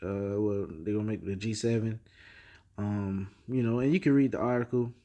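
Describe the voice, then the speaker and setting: A man's voice: fairly low pitch, normal speed, dark tone. A man gives a loose, rambling commentary on the news, full of slang and fillers. He stops often to restart his sentences. Now and then he reads headlines and scripture aloud. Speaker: religious video host.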